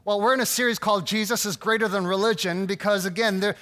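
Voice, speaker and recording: A man's voice: sits high, steady tone, fast, fairly bright tone. A man giving a sermon in a conversational, storytelling way, often checking in with the audience with "right?". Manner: conversational, self-deprecating storytelling with frequent "right?" asides. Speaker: pastor.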